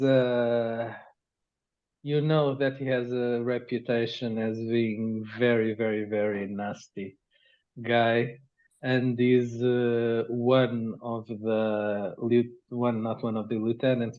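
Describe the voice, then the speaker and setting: A man running a tabletop game as game master, narrating haltingly with many restarts. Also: mid-range voice, darkish tone, dull audio.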